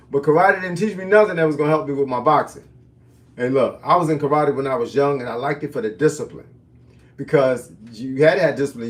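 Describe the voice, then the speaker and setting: A man's voice: medium pitch, far from the mic. Plain-spoken man in his fifties. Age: 50s. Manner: casual, folksy, plain-spoken slang. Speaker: fitness and boxing coach. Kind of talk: live-stream Q&A with viewers.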